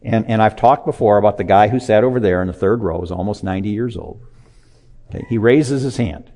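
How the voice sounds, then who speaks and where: A man preaching a sermon to a live congregation in a church, animated and conversational, with chuckles and asides to listeners. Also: lowish voice, brisk.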